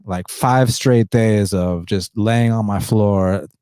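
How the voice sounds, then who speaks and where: A podcast host, a man, talking in a subdued indoor voice, short of breath and pausing for deep breaths, blunt and profane. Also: mellow, clear, resonant tone, dry recording, clean studio sound. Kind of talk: casual podcast monologue.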